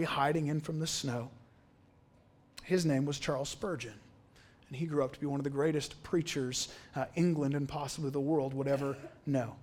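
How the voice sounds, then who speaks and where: Man, pastor, slightly high voice, animated sermon storytelling in a church. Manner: animated, reads quotes aloud dramatically.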